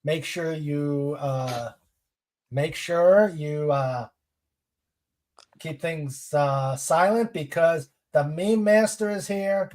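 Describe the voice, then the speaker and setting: A man hosting a casual livestream, chatting and reading viewer comments aloud in an unhurried way. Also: on the high side, darkish tone. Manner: unhurried, chatty, laughs at jokes. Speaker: livestream host.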